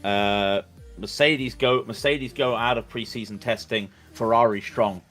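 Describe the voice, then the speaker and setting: A man's voice: lowish voice, steady tone, a little slow, fairly bright tone, soft background music. Rambling, stammering male race commentator. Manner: rambling, stammering restarts, jokey. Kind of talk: casual commentary chat.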